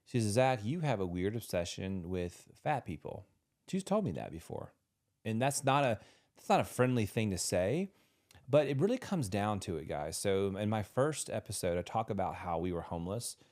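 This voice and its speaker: Earnest low-voiced man, podcast co-host. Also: big pitch swings, moderate pace, darkish tone. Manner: earnest, emotional storytelling with restarts. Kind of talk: casual podcast conversation.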